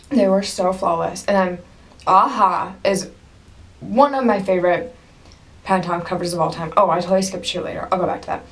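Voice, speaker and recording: A young woman vlogging to camera at home, gushing and breathless as she tells a story, with bursts of laughter and sudden drops to a whisper. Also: fairly low pitch. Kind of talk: casual excited storytelling to camera.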